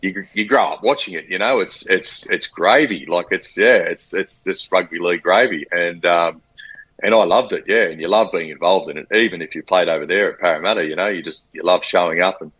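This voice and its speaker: A former rugby league player in his forties with an Australian accent, telling stories in a casual interview, animated and full of fillers. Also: sits low, fairly quick, husky. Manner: animated storyteller, acts out quotes, frequent fillers.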